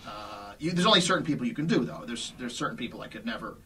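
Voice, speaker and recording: A male comedian talking as an interview guest, halting and full of restarts and fillers, laughing often. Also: mid-range voice, animated, bright, forceful tone, distant mic, a little hiss or hum. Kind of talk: casual interview chat.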